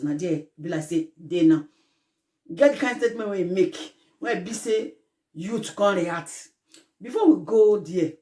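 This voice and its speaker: A woman with a Nigerian accent talks straight to her viewers in a Pidgin-flavoured, sermonising commentary. Her pitch swoops up and down with lively expression. She sits at a middling pitch for a woman. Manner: Pidgin-mixed, preachy, grows impassioned. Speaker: vlogger. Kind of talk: casual commentary to camera.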